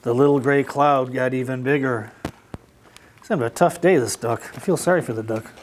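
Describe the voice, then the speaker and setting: A man's voice: mid-range voice, brisk, a little hiss or hum. A man reading a picture book aloud to children in a library and asking them questions as he goes. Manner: animated, asks children questions. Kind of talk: children's storytime read-aloud.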